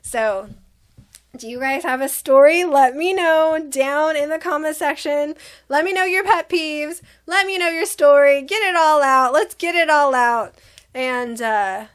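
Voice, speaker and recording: A woman's voice: high voice, a little slow. A young adult woman telling a storytime vlog to her viewers, retelling the argument with exasperation and quoted dialogue. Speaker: vlogger.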